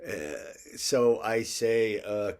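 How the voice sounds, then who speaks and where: A man's voice: fairly low pitch, drawn-out words, a little mellow. An older man talking in a casual, rambling vlog monologue, full of fillers and asides. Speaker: vlogger.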